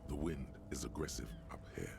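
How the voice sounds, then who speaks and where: An actor playing a brooding, sly inner-voice narrator in a video game, with a hushed, half-whispered delivery. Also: male voice, a bass voice, a little fast, creaky, a little hiss or hum. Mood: musing. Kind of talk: scripted narration.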